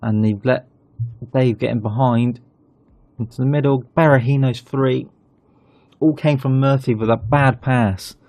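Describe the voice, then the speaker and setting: A man hosting his gaming channel, chatting casually through a football management game and getting excited at goals. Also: medium pitch, unhurried, pauses often, dry recording.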